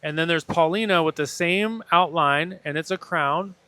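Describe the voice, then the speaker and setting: A man's voice: fairly high pitch, normal speed, sharp tone, smooth, no room sound. A man, a podcast guest, telling an earnest and emotional personal story and acting out the dialogue in it. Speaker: podcast guest, breathwork facilitator.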